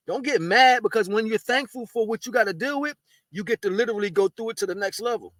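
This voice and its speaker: A man's voice: extremely high pitch, quick pace, fairly bright tone, no room sound. A man talking casually to camera, giving blunt, streetwise spiritual advice and eating while he talks. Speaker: spiritual video host.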